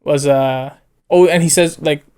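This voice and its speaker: Young male co-host, smooth and slightly high voice, laid-back casual chat with lots of fillers. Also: fairly even intonation, measured pace, a little mellow. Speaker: co-host of an anime review show.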